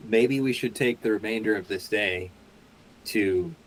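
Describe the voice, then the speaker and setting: Man, low voice, tabletop player, hesitant planning, faint background noise. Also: measured pace, low-quality recording. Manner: thinks aloud with restarts. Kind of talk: casual chat at a tabletop game.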